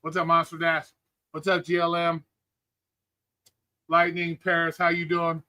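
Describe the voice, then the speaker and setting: Angry streamer host, high tense voice, heated profane rant, calls out his chat. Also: monotone, a little slow, pushed and bright. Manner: angry, heated, swearing constantly; greets live chat viewers between rants. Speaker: livestream host.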